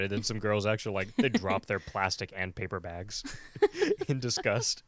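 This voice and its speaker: A man hosting a casual horror podcast, recapping an episode with laughter and quick character voices. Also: low-pitched, big pitch swings, fairly bright tone, no echo. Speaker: podcast host.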